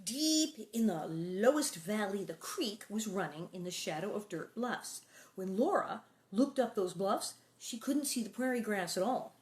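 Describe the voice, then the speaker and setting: A middle-aged woman reading a children's book aloud, breaking off for chatty asides and playful sound effects and sometimes dropping to a soft whisper. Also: medium pitch, expressive, unhurried. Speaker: reader and host.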